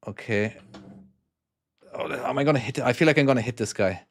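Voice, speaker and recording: A man's voice: medium pitch, a little fast. A man, casually chatting on a live stream while playing his own trucking game and reading out viewer comments. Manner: chatty, easily distracted, reads comments aloud.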